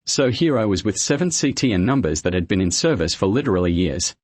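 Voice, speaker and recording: Male narrator, low husky voice, dry delivery, close and dead-sounding recording. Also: big pitch swings, fast talker, no room sound. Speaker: story narrator. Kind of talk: reading a story aloud.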